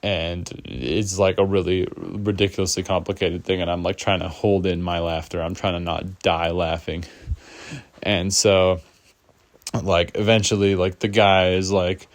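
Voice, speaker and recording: A man with a deep voice tells a personal story in a loose, rambling way, leaning on fillers as he goes. The recording is dry and close, with no room sound. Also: flat delivery, measured pace, dry recording. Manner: rambling, full of "like" fillers, laughs often. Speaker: storyteller vlogger. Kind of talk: casual storytime.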